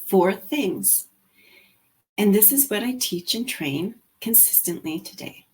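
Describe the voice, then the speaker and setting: A middle-aged woman hosting a show, casually retelling a story with lively quoted dialogue. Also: medium pitch, takes it slowly. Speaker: host and sales coach.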